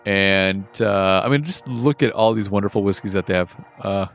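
A man co-hosting a casual whiskey tasting, relaxed and quick to laugh, thinking aloud as he describes the flavors. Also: on the low side, gravelly, faint music behind.

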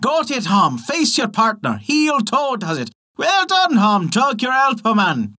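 A man's voice: very high-pitched, very animated, normal speed, fairly bright tone, husky, voice pushed up, full character voice. A man voicing a mischievous fairy changeling boy with a harsh, commanding voice. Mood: gleeful. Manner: bossy, cheering and commanding.

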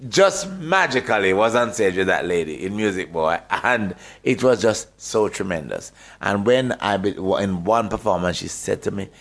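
An older man with a Jamaican accent and a fairly low voice tells stories as a radio guest. His talk is lively and full of laughter, and he repeats words as he goes. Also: normal speed, hardly any pauses. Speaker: interview guest, actor. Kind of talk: storytelling in a radio interview.

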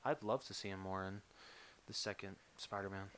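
A man's voice: low voice, fairly even intonation, fairly bright tone. Easygoing joking podcast guy. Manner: easygoing, quick to agree and joke. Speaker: podcast co-host. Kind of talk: casual chat.

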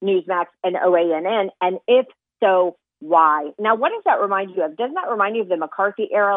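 A woman's voice: medium pitch, animated, fairly quick, no room sound. A woman joining a radio show as guest, speaking in an indignant, emphatic way. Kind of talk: phone-in interview. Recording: tinny dry phone line.

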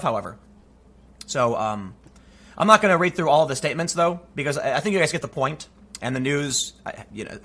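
Host type: bright, forceful man, slightly husky, lively spoken commentary monologue. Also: fairly high pitch. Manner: animated storytelling, acts out quoted voices.

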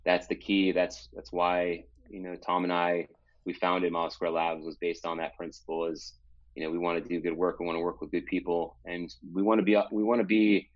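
Deep-voiced man in his forties, halting. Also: flat delivery, dry recording, highs cut off. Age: 40s. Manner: thoughtful, halting, with many restarts. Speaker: podcast guest. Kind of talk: casual interview chat.

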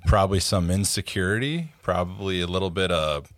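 Deep-voiced, halting man. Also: a bit bright, no echo, studio quality. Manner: halting, repeats words, self-deprecating. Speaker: podcast co-host. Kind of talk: casual chat.

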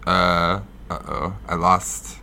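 A man's voice: sits low, flat delivery, slow pace, pushed and bright, slight background noise. A man co-hosting a podcast in casual chat, easygoing and agreeable, laughing a lot. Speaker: podcast co-host. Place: New York.

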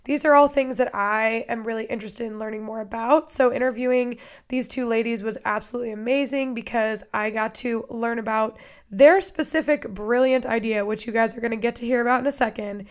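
A woman with a hoarse, raspy voice introduces her podcast episode in a casual, chatty way. Her pitch sits fairly high despite the rasp, and she speaks with an upbeat, gushing warmth about the guests to come. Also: fairly even intonation, a little fast. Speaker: podcast host.

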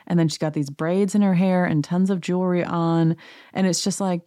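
A woman's voice: fairly low pitch, fairly even intonation, moderate pace, dark tone, dry recording, clean studio sound. A woman host casually recapping a reality show, sarcastic and rambling. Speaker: podcast host.

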